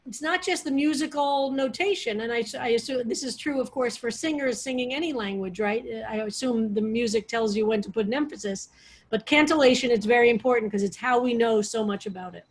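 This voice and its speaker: A woman's voice: a little high, brisk. A woman rabbi teaching a study group on a video call, explaining in a loose, digressive way with frequent restarts. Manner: digressive, restarts often, talks over her own phrasing.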